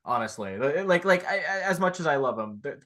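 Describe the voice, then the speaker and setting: A man co-hosting a casual podcast, asking curious questions and swearing casually in quick asides. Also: a little high, lively intonation, a bit bright. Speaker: podcast co-host.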